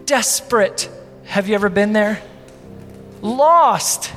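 A man with a very high voice preaches in a church, pressing the point with rhetorical questions and acting out the scenes he describes. His voice rings through a long, reverberant hall, with soft music playing underneath. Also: expressive, takes it slowly. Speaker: pastor. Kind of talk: sermon.

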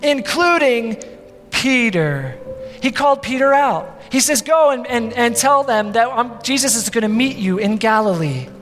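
A pastor with a very high voice delivers a sermon in a church, driving his point home with rhetorical questions and acting out the scenes he describes. He speaks at a moderate pace with few pauses, his voice echoing through a long, reverberant hall over soft music.

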